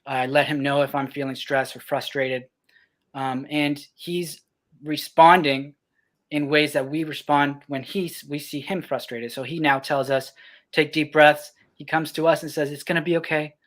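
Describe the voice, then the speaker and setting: A young man, a podcast co-host, talking about fatherhood in a reflective way, often pausing with ums. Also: on the high side, fairly even intonation, fairly bright tone. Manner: reflective, many ums and restarts. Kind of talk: casual podcast talk.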